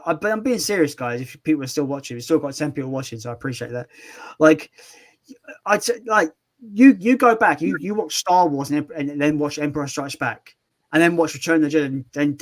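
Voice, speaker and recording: A man hosting a live movie chat, rambling casually with many restarts. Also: a little high.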